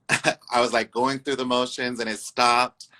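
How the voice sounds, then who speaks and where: A Two-Spirit speaker with a bright, forceful tone and a voice in the usual middle range. The story comes out as lively chat, with quoted voices acted out and leaps up high for each punchline. It sounds like a casual interview among friends. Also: unhurried, rough recording. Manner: animated, acts out quoted voices; uses many fillers and "I was like". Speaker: guest, incoming co-host.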